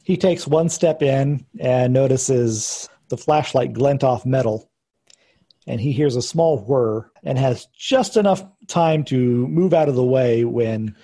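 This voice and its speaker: A man narrating a tabletop game as game master, calmly describing scenes and patiently explaining rules. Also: medium pitch, slow pace.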